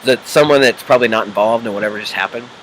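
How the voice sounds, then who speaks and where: A man's voice: lowish voice, fast talker, a bit bright, a little hiss or hum, rough recording. A man from the Midwest coaching the viewer in a casual unedited video, checking in with the viewer and acting out voices in his examples. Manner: acts out quoted voices and inner chatter. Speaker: executive life coach.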